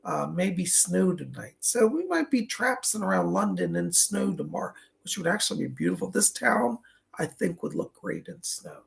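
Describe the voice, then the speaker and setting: Raspy guy hosting a psychic live stream, gravelly, bouncy pitch, greeting everybody. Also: very animated, moderate pace. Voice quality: raspy, strained from a cold. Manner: chatty, effusive, greets viewers by name. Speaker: psychic medium livestream host. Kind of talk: casual livestream chat. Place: indoors at a table.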